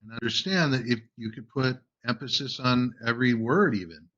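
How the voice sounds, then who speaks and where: A man's voice: medium pitch, normal speed, a bit bright. A man hosting a show, coaching listeners in a casual, emphatic way and often checking in with "right?". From United States. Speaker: host and communication coach. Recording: dull lo-fi audio.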